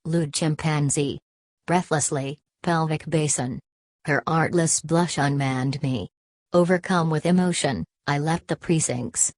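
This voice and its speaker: A woman reading the part of an anxious middle-aged man pleading his innocence in halting fragments. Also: sits low, a little mellow, dry recording. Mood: desperate.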